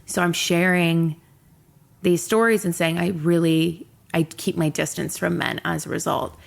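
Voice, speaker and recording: Young woman talking straight into her podcast mic, raw and emotional, cusses a lot, some vocal fry. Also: fairly low pitch, level tone, measured pace. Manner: candid, emotional, swears freely. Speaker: podcast host. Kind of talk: personal storytelling monologue.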